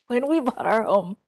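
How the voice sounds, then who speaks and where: Woman, higher voice, earnest and emphatic, hearing testimony, disability advocate. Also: a little mellow. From Pennsylvania.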